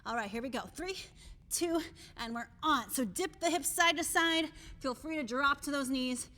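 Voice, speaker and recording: Winded female fitness instructor with a high voice, upbeat and encouraging, counts down the reps. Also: normal speed, bright, forceful tone. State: out of breath. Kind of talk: live workout coaching.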